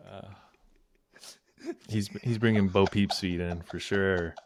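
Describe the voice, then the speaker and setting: A young man co-hosting a casual podcast chat, laid-back and hesitant, often pausing mid-sentence. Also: low voice, fairly even intonation, background noise. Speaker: podcast co-host.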